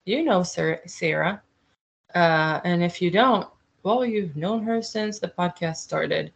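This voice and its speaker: A woman's voice: on the low side, slow, creaky, dull audio. A woman co-hosting a casual podcast chat who teases her friend playfully. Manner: playful, teasing. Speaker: podcast co-host.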